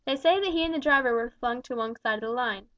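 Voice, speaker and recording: A polite railway guard, as a woman reads him aloud, plain and matter-of-fact. The voice sits fairly high, on a dry, dull recording. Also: quick pace, fairly bright tone, no room sound, lightly acted. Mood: respectful.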